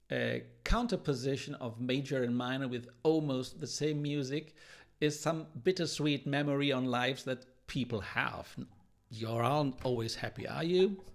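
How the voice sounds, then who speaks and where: A man teaching classical guitar, analysing a piece in a thoughtful, explanatory way and pausing now and then to search for words. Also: medium pitch, vocal fry. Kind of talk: music analysis lesson. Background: guitar playing.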